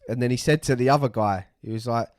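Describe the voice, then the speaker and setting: A man's voice: medium pitch, fast, a little mellow, no room sound, clean studio sound. A man, hosting a podcast and telling a story casually, swearing freely and acting out the voices of the people he met. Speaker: podcast co-host.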